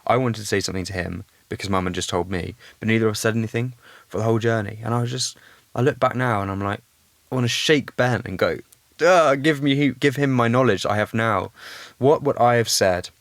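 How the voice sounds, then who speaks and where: A man's voice: fairly low pitch, fast, vocal fry, no echo. A young man speaking as a podcast guest in a candid, reflective conversation, thinking aloud earnestly.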